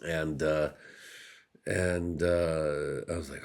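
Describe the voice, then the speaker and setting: A man's voice: deep voice, steady tone, measured pace, a little mellow. A young man hosting a podcast, rambling through a profane, jokey monologue that keeps slipping into put-on voices. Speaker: podcast host. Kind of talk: casual comedic monologue.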